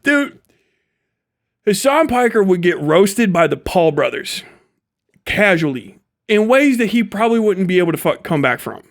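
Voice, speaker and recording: A man's voice: high voice, sing-song, normal speed, long pauses. A young man from Ohio ranting on a livestream, swearing constantly and laughing at his own jokes. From Ohio, USA. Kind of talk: profane live-stream rant.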